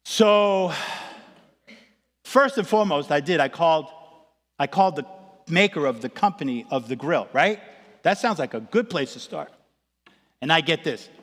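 Animated preacher man in an echoey hall. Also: on the high side, normal speed, long pauses. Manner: animated, comic storytelling, acts out voices. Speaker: pastor. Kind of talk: sermon with personal storytelling.

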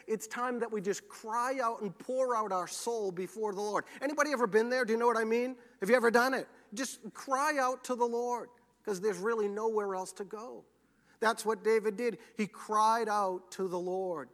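A man preaching a sermon as pastor, earnest and slowing down to press scripture home. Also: high-pitched, fairly bright tone. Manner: earnest, slows for scripture and emphasis. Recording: long hall reverb.

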